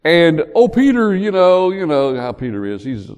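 An older man preaching a sermon, telling the story in an animated way and joking with the congregation. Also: fairly high pitch, normal speed, clear, resonant tone. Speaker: pastor. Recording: long hall reverb.

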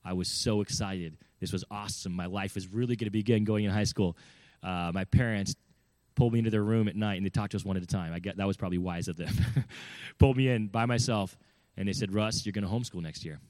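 A man's voice: fairly low pitch, fast, a little mellow, no room sound. A man telling a personal story in an earnest, emphatic way, often asking his listeners questions. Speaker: speaker giving parenting advice. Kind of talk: storytelling talk.

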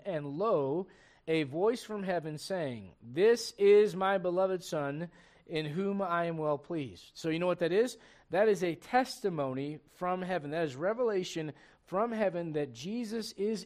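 A man preaching a sermon as pastor, with animated, loud emphasis and scripture read aloud. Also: high-pitched.

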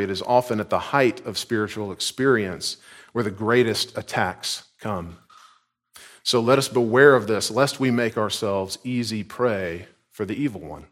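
A man from Georgia delivers a sermon in a mid-range voice. He presses hard on key words, then lets each phrase sink low and quiet at its close. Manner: earnest, emphatic, drops low and soft at line ends. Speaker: preacher.

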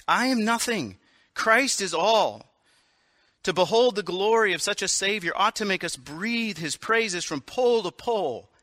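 A blunt, passionate aristocratic noblewoman, as a man puts her on while reading a story aloud, her lines raised and bright. She speaks with fervent, emphatic conviction. The sound is close and dry. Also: a little high, animated, normal speed, no room sound.

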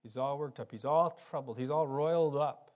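A pastor reads scripture aloud during a sermon at a moderate pace. His delivery swings between loud, emphatic moments and quiet, low passages.

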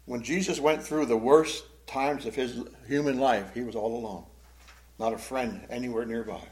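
A man teaching a Bible class as a pastor, emotive, swinging between loud emphasis and hushed, sad tones. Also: medium pitch, steady tone, moderate pace, rough recording.

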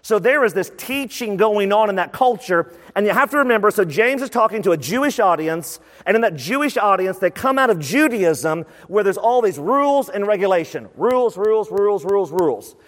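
A high-pitched man preaching in a loose, conversational way, repeating words to drive his points home. His voice carries with a long reverb, as if it fills a large church sanctuary. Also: fairly quick, hardly any pauses. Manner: lively and conversational, with repetition for emphasis. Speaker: pastor. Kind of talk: sermon.

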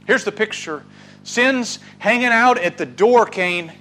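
A man preaching a sermon, swinging from loud urging to hushed, drawn-out words. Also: high voice, low-quality recording. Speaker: pastor.

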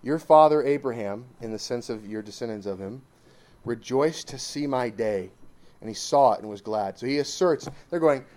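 A man's voice: mid-range voice, a little fast, hardly any pauses. Emphatic man preaching from scripture. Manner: emphatic, pushing the point hard, swinging between loud and hushed. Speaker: preacher addressing a church assembly. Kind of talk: sermon with scripture reading and commentary.

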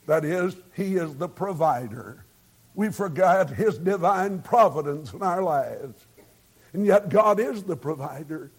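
A man's voice: high-pitched, creaky, darkish tone, husky. A man preaching a sermon, telling folksy stories and building to fervent emphasis.

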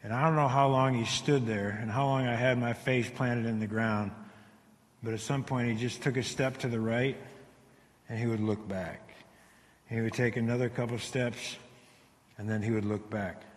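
A man telling a dramatic survival story to a live audience, halting and repeating words as he swings between hushed and loud. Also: medium pitch, fairly even intonation. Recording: long hall reverb.

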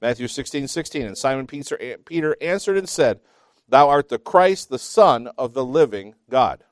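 A man teaching a Bible class, reading scripture slowly with emphasis between chatty asides and small self-laughs. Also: mid-range voice, lively intonation, no echo, clean studio sound.

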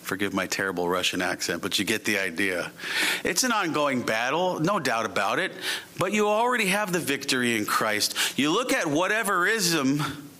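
A man preaching an evening sermon and leading a closing prayer, emphatic and drawing out key phrases slowly. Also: medium pitch, big pitch swings, sharp tone. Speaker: pastor.

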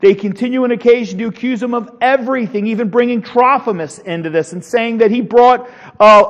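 A man's voice: high-pitched, fairly quick, in a large hall, muffled recording. A man teaching a Sunday school Bible class in an earnest, rambling way, asking the class questions.

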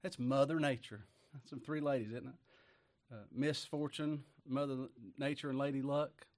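Here a man preaches in a steady, mid-range tone. The scripture readings are slow and solemn; elsewhere he alternates loud emphasis with quiet asides and chuckles a good deal.

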